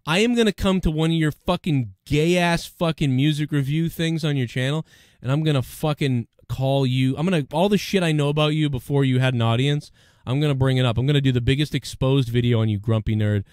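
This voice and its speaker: The show host is a Bostonian from the USA whose slightly high voice moves briskly as he rambles, swears, and gets excitable in a casual podcast chat, all in a thick Boston accent. The audio is studio quality with no echo.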